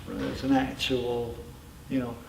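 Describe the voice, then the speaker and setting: A man's voice: mid-range voice, level tone, unhurried, creaky, a little mellow, a little hiss or hum. A middle-aged man giving a personal account in an interview. He is reflective, with emphatic asides. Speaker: interviewee, former member telling his story. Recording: roomy, from a distance, faint ambience.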